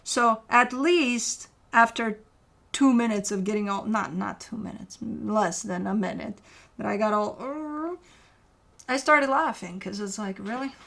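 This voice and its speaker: A woman's voice: mid-range voice, vocal fry, pushed and bright. A woman giving a casual tarot reading, speaking candidly and directly to the viewer, swearing freely and arguing with imagined objections. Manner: argues with imagined objections to make a point. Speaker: tarot reader.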